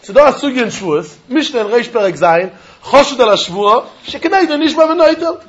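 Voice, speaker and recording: Man with a Yiddish-inflected English accent, Talmud teacher, high husky voice, sing-song cadence, muffled lo-fi recording. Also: fairly quick. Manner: animated sing-song learning cadence, mixing Yiddish and Hebrew. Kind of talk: Talmud lecture.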